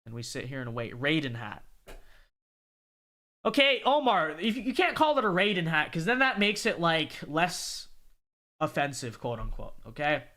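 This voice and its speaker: A man's voice: on the high side, moderate pace. A man in his twenties chatting casually and sarcastically on a livestream while reading donations aloud. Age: 20s. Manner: animated, sarcastic, rambling, keeps saying okay.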